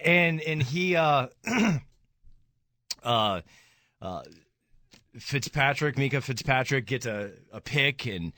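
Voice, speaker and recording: A man's voice: medium pitch, animated, slow pace, long pauses, bright, forceful tone, dry recording, clean studio sound. A man hosting a radio show, talking rawly about grief and rising into anger. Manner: raw, grieving, rises to anger. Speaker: radio host. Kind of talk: emotional radio talk.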